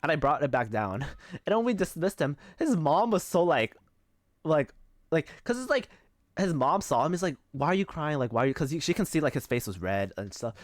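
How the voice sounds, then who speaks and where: A man's voice: fairly high pitch, sing-song, moderate pace, no room sound, studio quality. A young man streaming live, chatting casually and telling rambling stories packed with fillers and swearing. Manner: rambling, filler-heavy storytelling with frequent swearing.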